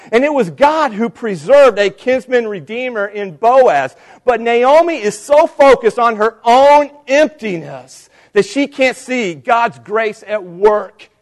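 A man preaching a sermon, speaking straight to his congregation and building emphasis on key lines. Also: high voice. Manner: preaching with rising emphasis and direct appeals. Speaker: pastor.

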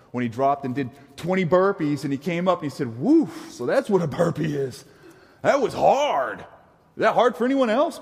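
A young adult man preaching a sermon, animated, with playful asides and mimicked voices. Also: a little high. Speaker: pastor. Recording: long hall reverb.

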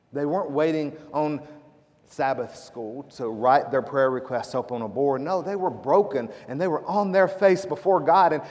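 A male pastor delivers a sermon, rising to loud emphatic lines and dropping to a hushed prayer. His voice rings with a long reverb from a large church hall. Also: on the high side. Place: church sanctuary.

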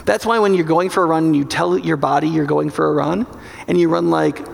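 A man preaching a sermon in an animated, joking way, now and then acting out inner voices. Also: a little high, brisk, creaky. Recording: large hall with long reverb.

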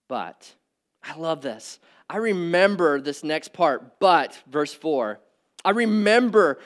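A middle-aged man delivers a sermon in a smooth, resonant voice that sits a little high. He keeps it conversational, checking in with his listeners. He climbs to emphatic peaks and drops back to quiet, low asides. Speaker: pastor. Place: church hall with audience.

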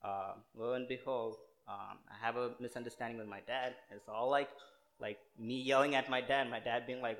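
A young male preacher from India. He speaks at a middling pitch in a loose, conversational way, with frequent fillers and restarts. His tone stays earnest as he works through his sermon. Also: fairly even intonation, brisk, a bit bright.

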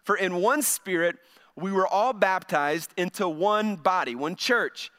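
A man's voice: high voice, a little slow, a bit bright. A middle-aged male pastor giving a conversational sermon, often repeating words as he starts a phrase.

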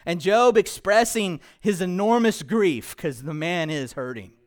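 Pastor guy with a high voice preaching, cracks jokes, gets quiet then loud. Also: a little slow. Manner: joking, playful asides mixed with preaching; shifts between hushed and loud emphatic delivery. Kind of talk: sermon.

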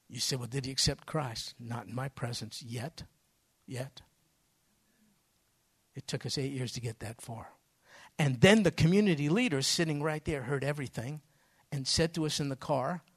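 A man's voice: medium pitch, slightly rough. A man preaching a sermon from the pulpit, telling stories with folksy phrasing and sudden bursts of emphasis. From United States. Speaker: pastor.

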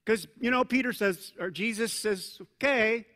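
Man, pastor, sermon, conversational and animated, high voice, long church-hall reverb. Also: moderate pace. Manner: conversational, animated preaching with asides and self-corrections. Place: church sanctuary.

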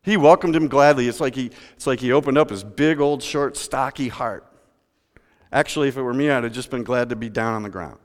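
A man pastor preaching a sermon in a church, telling the story with lively rhetorical questions. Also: medium pitch, a little fast, long reverb tail.

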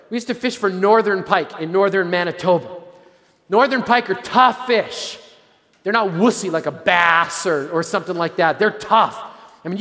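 A man preaching a sermon as pastor, earnest, repeating himself and dropping to a low hush for emphasis. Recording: long hall reverb.

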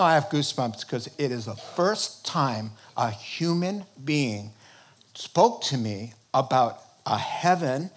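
Here a man with a somewhat high voice preaches about how he was converted. He's animated throughout, frequently breaking into laughter while playing out the conversations.

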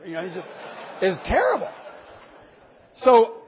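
A man's voice: on the high side, moderate pace, long pauses. A man in his fifties, a pastor preaching a sermon in an emphatic, humorous storytelling way. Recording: dull lo-fi recording.

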